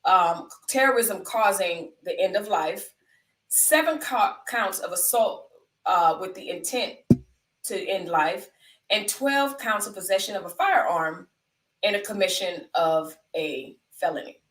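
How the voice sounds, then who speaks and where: A woman's voice: mid-range voice, animated, unhurried, fairly bright tone, distant mic. A woman from the United States hosts a live stream, talking through the news with her chat. She is emphatic and conversational, and she comes back to her points for stress. Her mid-range voice sounds roomy and sits away from the mic.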